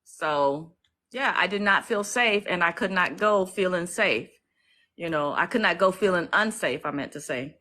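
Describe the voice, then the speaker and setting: A woman's voice: on the low side, expressive, moderate pace, pushed and bright, rough recording. A woman hosting a casual livestream who speaks emotionally and outspokenly, swears freely and reads out viewer comments to thank them. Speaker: livestream host and activist. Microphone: phone livestream.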